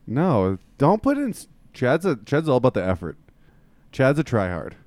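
Joking young man with a lively voice. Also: mid-range voice, normal speed, no echo. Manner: joking, swearing, laughs often. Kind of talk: crude casual banter.

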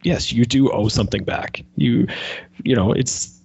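A man's voice: medium pitch, a little slow, gravelly, a little mellow, breathy edge, no echo. A man chatting casually about a movie, rambling and animatedly retelling scenes. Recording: dull lo-fi sound.

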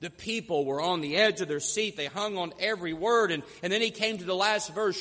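A man preaching a sermon as pastor, telling stories and slowing down to stress key points. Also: high voice, sharp tone, big-room sound. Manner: storytelling, slows down for emphasis.

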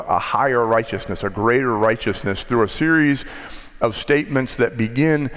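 A middle-aged man with a Texan accent, preaching a sermon as pastor and telling stories in a conversational way. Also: mid-range voice. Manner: conversational storytelling preacher, occasional restarts. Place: large church sanctuary. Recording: long church reverb.

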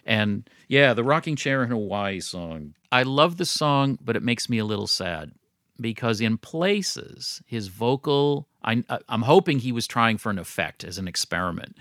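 A man's voice: mid-range voice, expressive, moderate pace, a bit bright, no echo, clean studio sound. A man co-hosting a podcast, chatting casually and thoughtfully about an album's songs. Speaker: podcast co-host. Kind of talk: casual music discussion.

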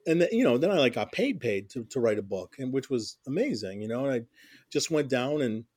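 A man's voice: medium pitch, sing-song, fairly quick, a little mellow, no echo. A middle-aged man telling stories in a casual interview, rambling with many restarts and constant "you know"s. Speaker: interview guest, music journalist.

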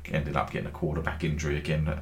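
A man's voice: a bass voice, monotone, fast. A middle-aged man who hosts a football trading group, telling meandering anecdotes with dry humour and casual swearing.

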